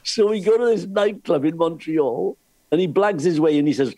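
An older man spins cruise-ship yarns in a slightly husky, raised voice. He laughs often and trips over his words as the story runs ahead of him. The sound is close and dry. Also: fairly high pitch, animated, fairly quick, warm tone, no echo. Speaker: cruise ship entertainer telling stories. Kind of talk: anecdotal chat.

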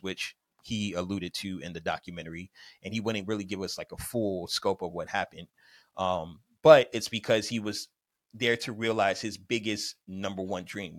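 A man's voice: lowish voice, dry recording. A man co-hosting a casual podcast, arguing his case point by point in a debate. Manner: animated, argues point by point in numbered reasons. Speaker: podcast co-host.

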